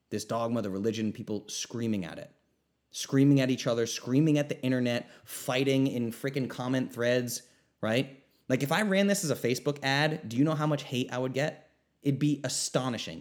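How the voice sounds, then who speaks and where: A man's voice: medium pitch, a little mellow. A man hosting his own podcast, talking off the cuff and emphatic, repeating points for stress. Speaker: podcast host. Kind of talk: unscripted podcast monologue.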